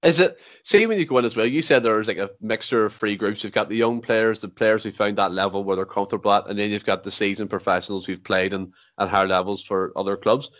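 Low-voiced podcast host. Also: male voice, fast talker, hardly any pauses, a bit bright, no room sound. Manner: chatty, long rambling questions. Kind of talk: casual interview questions.

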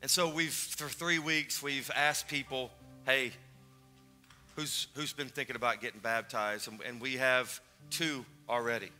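With soft music underneath, a male pastor in a church sanctuary leads his congregation through a sermon and altar call. His mid-range voice keeps fairly even intonation at a measured pace, yet the tone is bright and forceful. He sounds fervent and urgent, repeating lines as he calls people forward.

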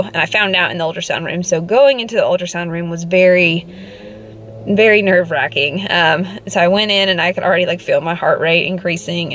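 A woman's voice: on the low side, fairly bright tone, slight background noise. A young woman giving a casual vlog update, emotional and teary but relieved, laughing now and then. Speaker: vlogger.

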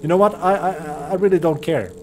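A man's voice: high voice, quick pace, darkish tone, a little hiss or hum. A man commentating a horror game as he plays, nervous and jittery, swearing and laughing to himself and his viewers. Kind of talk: let's play commentary.

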